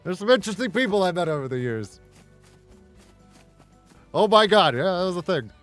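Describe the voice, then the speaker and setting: A man's voice: high voice, expressive, normal speed, a bit bright, soft background music. A middle-aged man telling stories while gaming, blunt, heavily profane and laughing often. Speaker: gaming streamer. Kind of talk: casual storytelling while gaming.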